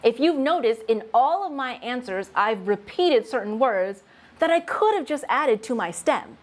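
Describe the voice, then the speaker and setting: With a fairly high, expressive voice at a moderate pace, a woman runs a faculty teaching workshop, patiently explaining test writing through worked examples and occasional light laughs.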